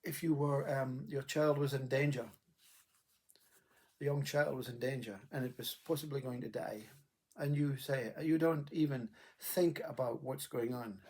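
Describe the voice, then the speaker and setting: Husky breathy guy musing about surrender, halting, repeats himself a lot. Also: mid-range voice, fairly even intonation, darkish tone. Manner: halting, reflective, repeats words. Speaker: spiritual speaker. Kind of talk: spiritual monologue.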